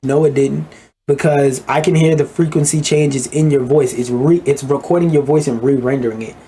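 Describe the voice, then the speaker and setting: A man's voice: medium pitch, steady tone, moderate pace, dark tone, a little hiss or hum. A man giving a blunt, profane, ranting commentary as he reacts to a video.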